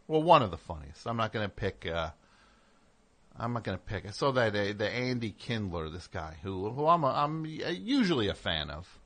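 A man's voice: lowish voice, very animated, normal speed, fairly bright tone. Rambling, sarcastic male radio host. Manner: digressive, self-interrupting, sarcastic asides. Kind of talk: rambling on-air monologue.

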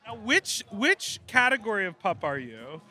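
A man's voice: sits high, sing-song, bright, forceful tone. Camp man hosting poolside interviews. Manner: camp, teasing, quick-witted. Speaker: podcast host. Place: outdoor hotel pool party.

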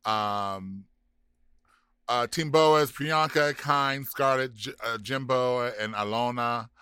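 A man's voice: medium pitch, slow pace, sharp tone, smooth, no room sound. A man co-hosting a casual recap podcast, sassy and theatrical, tossing out "honey" often. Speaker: podcast co-host.

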